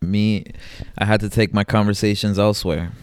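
A man's voice: fairly low pitch, fairly even intonation, moderate pace, darkish tone, smooth, no room sound. A young man co-hosting a podcast, chatting casually, joking and swearing and laughing often. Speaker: podcast co-host. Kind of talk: casual chat.

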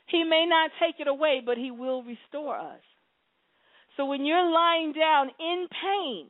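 High-voiced impassioned woman preaching. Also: no room sound. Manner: impassioned, swinging between soft pleading and loud exclamations. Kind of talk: sermon and prayer. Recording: dry, phone-like sound.

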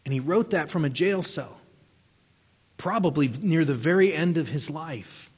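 A man's voice: fairly high pitch, lively intonation, measured pace, breathy edge, long reverb tail. A man preaching a sermon earnestly, stressing his key words. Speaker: pastor.

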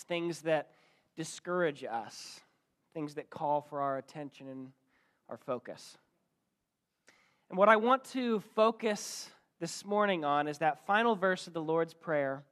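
A man who is a church pastor, preaching a sermon and telling a joke story with big swings between loud and soft. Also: on the high side. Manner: storytelling with dynamic swings in loudness.

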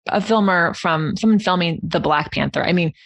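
Young woman host, upbeat and encouraging, low-pitched, dry studio sound. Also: moderate pace, gravelly, fairly bright tone, dry recording. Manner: enthusiastic, encouraging. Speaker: podcast host, Pilates business owner. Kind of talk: casual podcast chat.

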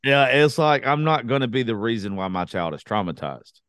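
A man's voice: mid-range voice, lively intonation, normal speed, a bit bright, smooth. A man hosting a casual talk, blunt and swearing but supportive. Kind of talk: casual chat.

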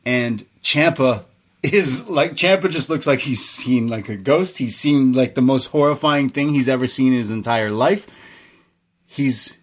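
A young man tells the story with eager energy, cursing casually and breaking into laughter. His voice sits at an ordinary middle pitch, and he talks like a fan chatting with a friend on a podcast. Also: a little slow. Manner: animated storyteller, swears freely, laughs often. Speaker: podcast co-host. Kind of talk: casual excited recap.

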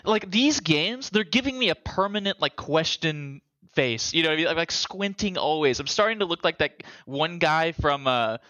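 A man co-hosting a casual chat, telling rambling, animated stories and overthinking things aloud. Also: a little high, normal speed, hardly any pauses, no room sound, highs cut off.

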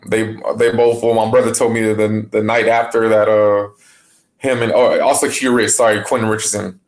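A man speaking as a guest in a casual podcast interview, relaxed, with many fillers and restarts. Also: fairly low pitch, vocal fry. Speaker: basketball player guest.

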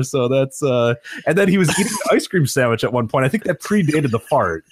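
Lively, laughing man telling stories on a podcast. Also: mid-range voice, fast, few pauses, a little hiss or hum. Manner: laughing, animated storytelling with quoted voices. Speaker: podcast co-host. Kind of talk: casual podcast chat.

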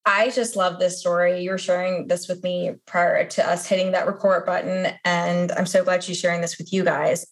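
A woman's voice: fairly low pitch, flat delivery, moderate pace, few pauses. A woman hosting a podcast interview, who talks in an enthusiastic, affirming way. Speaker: podcast host.

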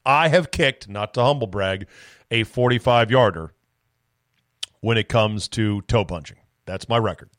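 A man's voice: fairly low pitch, measured pace, fairly bright tone, no room sound, clean studio sound. A man hosting a solo sports podcast, telling loose, rambling stories with casual profanity. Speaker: sports talk podcast host.

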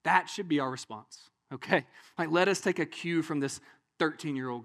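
A man preaching a sermon in a lively, conversational way, often checking in with the listeners. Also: a little high, moderate pace. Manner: animated, conversational, often asks "right?". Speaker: pastor.

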